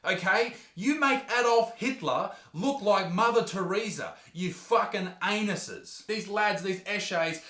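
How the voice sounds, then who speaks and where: A man's voice: high-pitched, unhurried, hardly any pauses, pushed and bright, roomy sound. Sarcastic Australian man ranting. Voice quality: crude, sarcastic. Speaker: comedy youtuber. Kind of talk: ranting comedic commentary.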